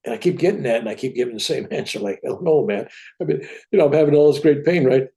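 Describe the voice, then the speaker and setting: A man's voice: mid-range voice, animated, fast talker, gravelly, warm tone. An older man telling a personal story as an interview guest, acting out the dialogue as he goes.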